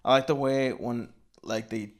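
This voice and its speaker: A man's voice: mid-range voice, fairly even intonation, a little slow. A young man co-hosting an album review show, rambling casually with constant "like" and "you know". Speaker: album review podcast co-host. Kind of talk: casual chat.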